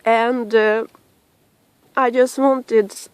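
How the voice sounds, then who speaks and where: A tearful woman speaking haltingly to her podcast listeners from home, sighing and restarting as she talks. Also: fairly high pitch, fairly even intonation, clean tone, no echo. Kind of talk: personal message to camera.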